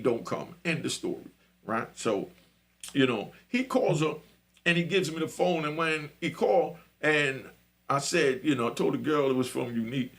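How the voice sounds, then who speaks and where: Gravelly man telling a street story. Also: on the high side. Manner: loose street slang, frequent "you know what I mean". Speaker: podcast host telling a prison story. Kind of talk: casual storytelling.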